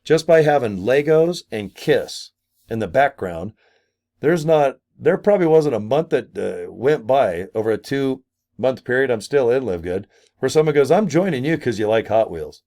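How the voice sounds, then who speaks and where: A man's voice: mid-range voice, expressive, moderate pace, warm tone. An older man vlogging a casual promotional rant, goofy and crude, full of exaggerated asides and silly put-on voices. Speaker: marketing vlogger.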